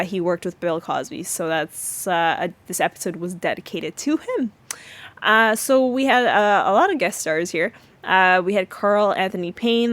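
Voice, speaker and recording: A woman hosting a podcast, recapping a sitcom episode in a chatty way with many fillers and restarts. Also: fairly low pitch. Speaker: podcast host.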